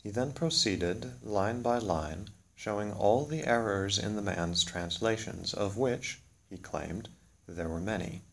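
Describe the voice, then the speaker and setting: Low-voiced man reading a solemn story. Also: measured pace, vocal fry. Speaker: narrator. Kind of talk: scripted literary narration.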